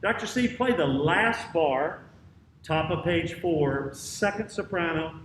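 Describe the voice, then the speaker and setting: A man directing a choir rehearsal, counting off, singing out parts and giving brisk instructions in a rehearsal room with a piano. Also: on the high side, lively intonation, a bit bright, a little hiss or hum. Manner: brisk counting and sung demonstrations. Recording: roomy, distant mic with piano.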